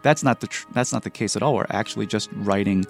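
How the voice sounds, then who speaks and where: A man's voice: lowish voice, quick pace, gravelly, faint music behind. A man, a composer, being interviewed and explaining how he writes, thoughtful in manner, counting beats and humming rhythms aloud. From United States. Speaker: composer guest.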